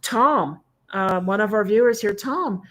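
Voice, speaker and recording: An American woman co-hosting a casual livestream, chatty and quick to laugh, her voice rising in animated stretches. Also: mid-range voice. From United States. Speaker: co-host of a livestream.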